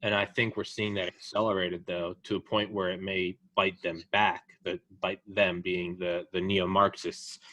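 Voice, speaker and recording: Animated, profane man on a podcast. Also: sits low, moderate pace, hardly any pauses, no room sound. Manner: animated, profane, acts out quoted people. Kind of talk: casual political chat.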